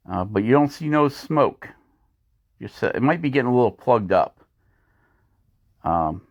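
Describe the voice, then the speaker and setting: A man's voice: lowish voice, dull audio. A man narrating a woodcarving video in a folksy, rambling way, chuckling at his own asides. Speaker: woodcarving channel host. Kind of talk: voice-over narration of a carving video.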